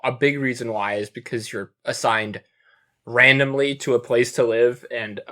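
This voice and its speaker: A young man co-hosting a podcast, chatting casually with jokey, quick asides. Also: medium pitch, steady tone, pushed and bright. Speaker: co-host.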